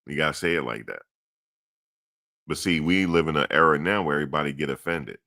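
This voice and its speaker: Very deep, gravelly man ranting bluntly. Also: fairly quick, pushed and bright. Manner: blunt, blustery, repetitive ranting. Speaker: sports commentary host. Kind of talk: casual sports rant.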